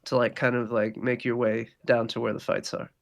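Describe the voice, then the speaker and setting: A man's voice: medium pitch, flat delivery, a little fast, creaky. A man running a tabletop game as game master, describing scenes in a loose way with lots of fillers.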